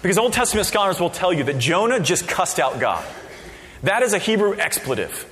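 A man preaching a sermon as a pastor, casual and conversational, with sudden loud bursts. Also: high-pitched, sing-song, brisk. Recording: long reverb of a hall.

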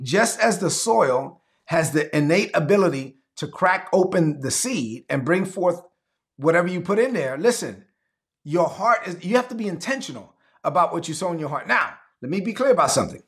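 A man preaching a sermon as pastor, animated and acting out the people he quotes. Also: high voice, moderate pace.

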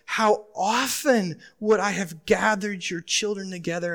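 A man preaching a sermon as pastor, emphatic, asking the congregation questions and swinging from loud urgency to quiet pleading. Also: high-pitched, a little slow, hardly any pauses.

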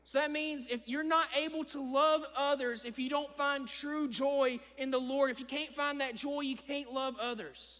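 A young man with a strikingly high voice delivers an earnest sermon and repeats his key phrases for emphasis. His words ring out with a long reverb in a church sanctuary. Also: fairly even intonation, moderate pace, hardly any pauses, bright, forceful tone. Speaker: preacher.

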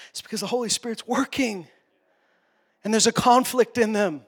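A male pastor preaching a sermon, passionate, swinging between quiet, tender passages and loud, urgent ones. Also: fairly high pitch, a little fast, creaky.

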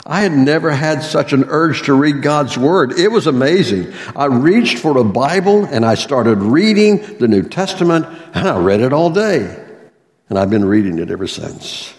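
A man's voice: mid-range voice, big pitch swings, moderate pace. A male pastor delivers an earnest sermon, leaning into key phrases with rising emphasis. His mid-range voice rings out with a long reverb in a church sanctuary. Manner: earnest, reads aloud a testimony and scripture with swelling emphasis.

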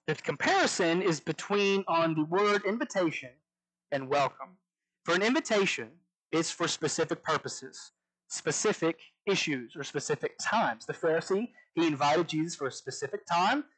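A young male preacher gives a conversational sermon, reading and questioning scripture aloud while stumbling through frequent restarts and asides. His voice is a little high and a bit bright, and the audio quality is poor.

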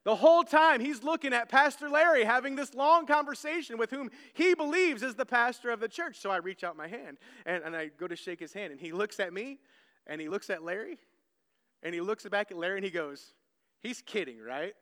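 A male pastor preaching a sermon in a church, earnest and story-driven, often doubling words as he restarts. His voice is high for a man and comes across smooth and clear. It rings through the sanctuary with a long hall reverb. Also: lively intonation, brisk, a bit bright.

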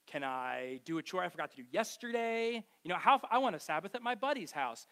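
A man's voice: high voice, sing-song, a little fast, a bit bright. A middle-aged man preaching a sermon to a congregation, telling a joking story about growing up and acting out the quotes. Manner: conversational, self-mocking storytelling with acted-out quotes. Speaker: pastor. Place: church hall with a live congregation.

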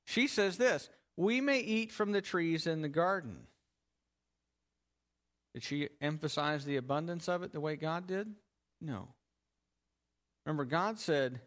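A man's voice: a little high, animated, unhurried, pauses often, fairly bright tone. A man teaching a sermon on a Bible passage, asking the listeners questions and then answering them himself, stressing key words as he goes. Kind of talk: expository sermon.

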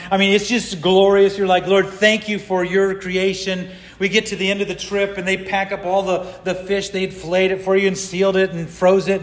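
High-voiced man preaching in a reverberant hall. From California. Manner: storytelling, acts out the people he quotes. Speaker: pastor. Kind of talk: sermon with personal story.

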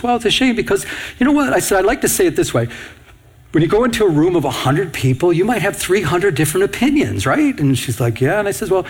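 A male pastor delivers an earnest, pressing sermon. His voice sits somewhat high, and he often breaks off and restarts his phrases as he drives his point home. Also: breathy edge. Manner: earnest, urgent preaching with repeated restarts.

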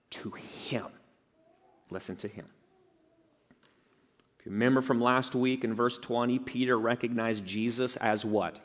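Pastor, male, emphatic sermon delivery, mid pitch, long hall reverb. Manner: earnest, emphatic expository preaching.

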